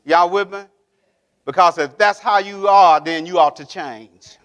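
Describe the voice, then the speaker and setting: Through dull audio, a pastor with a high-pitched, somewhat bright voice preaches unhurriedly in a church sanctuary. He's emphatic, repeats key phrases, and keeps putting call-and-response questions to the congregation, asking if they're with him.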